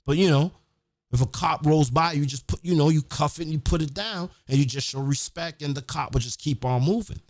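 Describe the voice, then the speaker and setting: A man hosting a podcast, telling stories in a casual, profane, animated way. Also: fairly high pitch, brisk, dry recording. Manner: profane, animated, acts out quotes. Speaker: podcast host. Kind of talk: casual storytelling.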